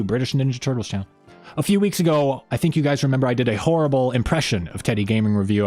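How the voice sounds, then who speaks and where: A man's voice: medium pitch, a little mellow. A man hosting a fan channel live stream, chatting in a rambling, friendly way and reading chat messages aloud.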